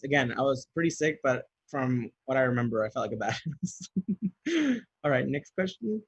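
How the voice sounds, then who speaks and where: A man's voice: medium pitch, slightly rough, dry recording, muffled recording. A man answering fan questions in a casual video, chatty and giggly, reading each question aloud and then rambling through his answer.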